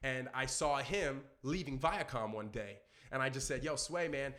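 A young man with a New York accent, a podcast guest telling stories in an animated way and acting out the quotes. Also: mid-range voice, normal speed. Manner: animated storyteller, acts out quotes loudly. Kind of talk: casual storytelling chat.

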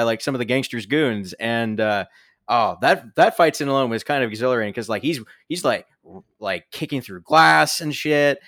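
A man co-hosting a casual movie review chat, animated, swearing freely and filling gaps with "like" and "um". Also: medium pitch, dry recording, clean studio sound. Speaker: podcast co-host.

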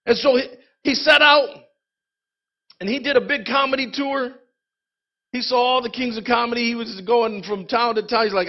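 Guy pastor preaching, high voice, chatty and lively, kinda dull lo-fi sound. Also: normal speed, long pauses. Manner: lively, conversational preaching with congregation call-outs. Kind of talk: sermon.

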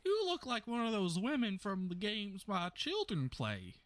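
A man's voice: high voice, wildly swooping pitch, a little slow, fairly bright tone, exaggerated voice. A man voicing a confused old man who rambles politely and absent-mindedly in a tabletop role-play. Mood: rambling.

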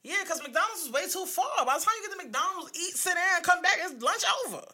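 New lady in her 30s chatting on a podcast, super animated, swears a lot, bright voice. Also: very high-pitched, a little fast. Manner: animated, slangy, swears freely, acts out voices. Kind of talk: casual storytelling chat.

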